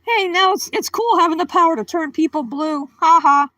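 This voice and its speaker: A woman's voice: extremely high pitch, normal speed, pushed and bright, no room sound, rough recording. A woman hosting a casual livestream, chatting with viewers by name and giggling often. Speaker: livestream host. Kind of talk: casual live-stream chat.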